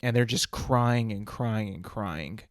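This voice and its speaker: A man's voice: lowish voice, takes it slowly, no room sound, studio quality. A man hosting a podcast, talking in a casual comedic monologue, rambling through restarts and rhetorical questions. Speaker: podcast host.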